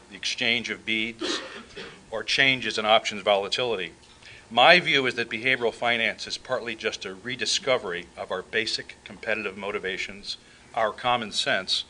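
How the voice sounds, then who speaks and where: A man giving a prepared presentation on a panel, speaking in a measured, formal way. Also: on the low side, sharp tone, a little hiss or hum, rough recording.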